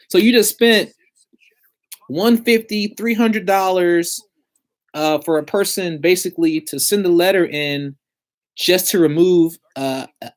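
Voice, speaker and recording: A man with a somewhat high-pitched voice talks straight to the camera in a casual advice vlog. He is blunt and streetwise, with plenty of slang, and sounds like someone explaining credit repair from his own experience.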